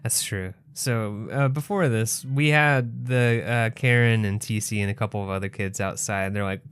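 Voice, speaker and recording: A man with a low, smooth voice chats through a horror movie plot on a podcast. He is laid-back and swears freely, and he sounds exasperated at the characters. The recording is dry and close. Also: steady tone, normal speed, hardly any pauses, fairly bright tone, no echo. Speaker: podcast co-host. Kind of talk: casual chat recapping a movie.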